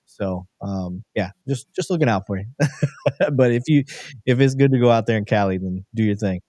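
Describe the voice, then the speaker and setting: A man's voice: on the low side, moderate pace, mellow, dry recording. A man who is a police detective, giving friendly, plain-spoken advice as a guest on a livestream. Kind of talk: casual livestream chat.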